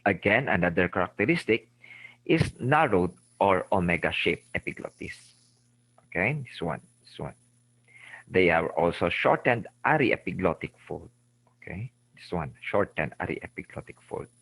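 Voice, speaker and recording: A man's voice: sits low, sing-song, normal speed, a bit bright, slightly rough, low-quality recording. A middle-aged man with a Filipino accent giving a recorded medical lecture, repeating key terms and checking in with "okay?" and "remember". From Philippines. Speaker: lecturer, ENT surgeon.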